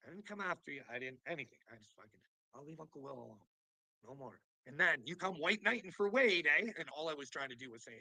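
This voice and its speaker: A man's voice: on the high side, expressive, fast, vocal fry, pushed and bright, no echo, poor audio. A man ranting on a livestream, profane and mocking, who keeps breaking into laughter. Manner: profane, mocking, laughs often between lines. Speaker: live streamer. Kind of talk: rambling livestream rant.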